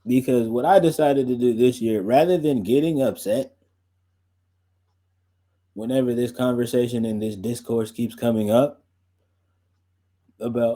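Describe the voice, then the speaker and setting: A man's voice: mid-range voice, a little slow, long pauses, warm tone. A young man hosting a podcast and stream, chatting loosely with lots of fillers and laughs. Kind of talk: casual rambling chat.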